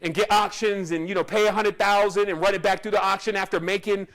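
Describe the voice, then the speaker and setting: A man's voice: high-pitched, fairly even intonation, quick pace, a bit bright. A man who teaches spirituality tells a personal story in a casual, rambling way, often restarting and adding asides.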